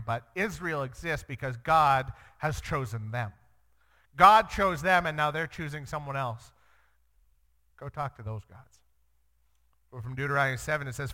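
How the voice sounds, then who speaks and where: A man, a young father, teaching through a Bible passage in an earnest way, acting out the quoted lines with sudden jumps in pitch. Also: bright, forceful tone. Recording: long reverb.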